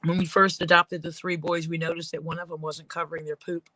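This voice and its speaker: A woman's voice: fairly low pitch, little pitch movement, a little fast, bright, forceful tone, no echo, poor audio. A woman leatherworker rambling through casual stories while she works at her craft. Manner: rambling, storytelling.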